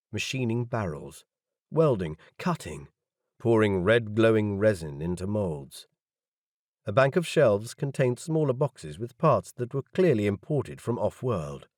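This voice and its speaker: Low, lively male audiobook narrator. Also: no echo, studio quality. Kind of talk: scripted first-person narration.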